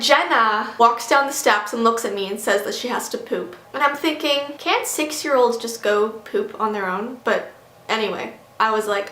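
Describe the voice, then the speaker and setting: Chatty high-voiced woman telling a story. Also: animated, moderate pace, bright, forceful tone, echoey room. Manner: chatty, acts out dialogue, many "like"s. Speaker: storytime vlogger. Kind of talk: animated storytelling.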